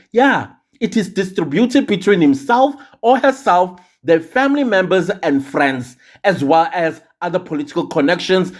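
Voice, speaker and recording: A South African commentator in a casual rant, full of sarcastic rhetorical questions. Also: medium pitch.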